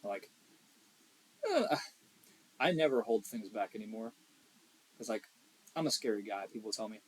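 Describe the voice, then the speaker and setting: A man's voice: on the low side, expressive, moderate pace, husky, poor audio. Blunt, profane young man on a podcast. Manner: blunt, profane, emphatic, swings between loud and quiet. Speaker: podcast co-host. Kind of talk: casual podcast chat.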